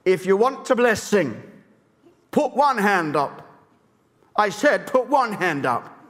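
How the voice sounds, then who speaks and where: Stern elderly preacher, southern English tone, commanding, as a pastor puts him on; long church reverb. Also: male voice, sits high, sing-song, slow, a bit bright, pitched above the performer's own voice, exaggerated voice. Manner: stern, commanding calls to the crowd. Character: strict elderly male revival preacher.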